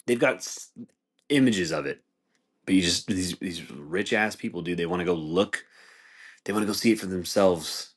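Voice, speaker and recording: A man's voice: deep voice, moderate pace, husky. A man hosting a podcast, rambling in casual chat with a lot of swearing and restarts. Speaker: podcast host.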